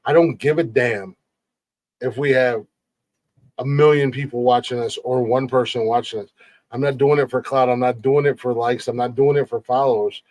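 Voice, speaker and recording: A middle-aged man hosts a podcast in an earnest, emphatic way, with plenty of swearing. His voice sits at a mid pitch and sounds close and dry. He often restarts and repeats words as he pushes his point. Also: fairly even intonation, normal speed, darkish tone, dry recording. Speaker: podcast host. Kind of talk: casual podcast talk.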